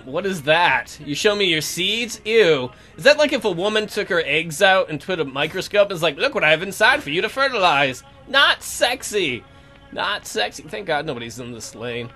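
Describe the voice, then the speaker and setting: A man's voice: high-pitched, bright, forceful tone. A man hosting a let's play, giving casual, jokey commentary and reacting aloud to the game.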